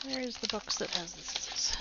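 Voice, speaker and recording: A woman's voice: medium pitch, brisk, gravelly, muffled recording, very noisy. A woman chatting casually to her livestream chat while sorting craft supplies, self-mocking and rambling. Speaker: craft streamer.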